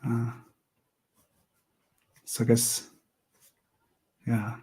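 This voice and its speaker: A man hosting an art livestream, chatting casually while he sketches, rambling with many pauses and small laughs. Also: mid-range voice, monotone, dark tone, husky. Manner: rambling, hesitant, laughs often. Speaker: livestream host and artist.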